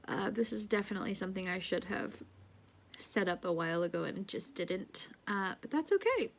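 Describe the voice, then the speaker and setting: A woman in her thirties giving a casual spoken update to viewers, relaxed and chatty, with fillers. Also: medium pitch, moderate pace. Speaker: author and vlogger.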